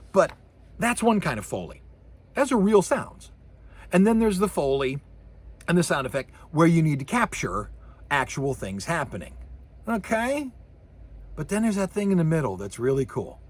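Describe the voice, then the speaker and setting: A man giving a recorded university lecture, animated, acting out sound effects with his voice. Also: fairly high pitch, slightly rough.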